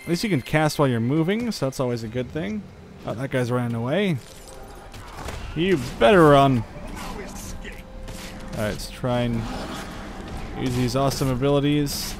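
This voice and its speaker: A man's voice: mid-range voice, fairly quick, background noise. A young man giving casual gameplay commentary, thinking aloud with lots of fillers and chuckles. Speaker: gaming channel host.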